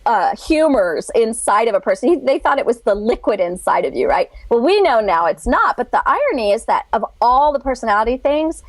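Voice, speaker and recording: A woman's voice: a little high, big pitch swings, fairly quick, hardly any pauses, no room sound. A woman guest in an interview, talking in a chatty, enthusiastic way and acting out little quotes as she explains. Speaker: guest expert. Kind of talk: animated interview talk.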